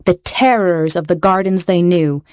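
Storybook reader, woman, playful and wry, lowish voice, dry close recording. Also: unhurried, darkish tone, clean tone, no room sound. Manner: playful, with wry asides to the listener. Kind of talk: storybook reading aloud.

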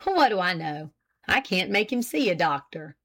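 Lady reading as a smooth confident lawyer guy, slow and dignified. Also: lowish voice, sing-song, fairly bright tone, full character voice. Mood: irritated. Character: smooth, self-assured male small-town lawyer.

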